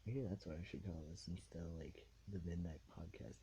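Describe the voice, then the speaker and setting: A man's voice: low-pitched, fairly even intonation, brisk, creaky, mellow, slight background noise, poor audio. A man hosting a solo podcast, talking in a rambling, laid-back way full of fillers, recorded on a tablet. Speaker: podcast host.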